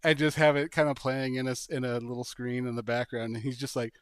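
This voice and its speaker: A man hosting a podcast, chatting casually and pitching a sketch idea with animated storytelling and bursts of laughter. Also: quick pace, clean tone, no room sound, studio quality. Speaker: podcast host. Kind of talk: casual chat.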